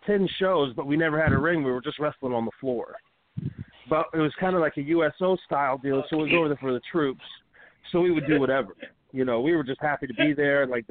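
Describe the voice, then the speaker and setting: A man hosting a wrestling radio show, telling a long profane backstage story in a loose, rambling way full of fillers. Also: fairly high pitch. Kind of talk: casual storytelling. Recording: tinny phone-line sound with faint hiss.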